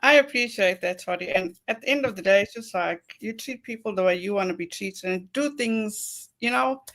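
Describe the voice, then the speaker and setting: A woman guest in a casual live-stream chat, modest and soft-spoken, heard over a remote call. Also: mid-range voice, moderate pace.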